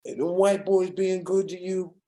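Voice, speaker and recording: A man's voice: sits high, flat delivery, normal speed, dark tone, voice pushed up, lightly acted. A man imitating a streetwise fatherly older actor. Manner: firm, fatherly advice.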